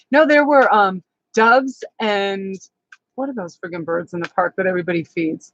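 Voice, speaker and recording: A woman's voice: mid-range voice, lively intonation, moderate pace. Bubbly woman rambling through a tarot stream. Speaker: tarot reader. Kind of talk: live-stream tarot reading. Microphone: camera on a tripod. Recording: dry, slightly dull sound.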